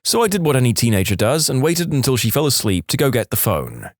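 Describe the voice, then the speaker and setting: A man reading submitted stories aloud in an animated storytelling manner on a close studio mic. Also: mid-range voice, quick pace, no echo. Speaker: story narrator.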